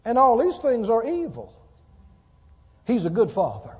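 A man preaching a sermon to a congregation, emphatic, repeating lines slowly for stress and asking the people questions. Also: extremely high pitch, wildly swooping pitch, a little mellow, breathy edge. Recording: dull lo-fi sound with long hall reverb.

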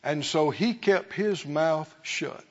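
A man preaching a fervent sermon to his church, swinging from quiet asides to shouted praise. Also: fairly high pitch, takes it slowly, highs cut off. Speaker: pastor.

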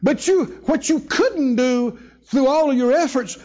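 High-voiced emphatic male preacher. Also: darkish tone, lo-fi sound. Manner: emphatic, call-and-response, drawn-out phrases; storytelling with voiced quotes. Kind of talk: sermon. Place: church hall with live audience.

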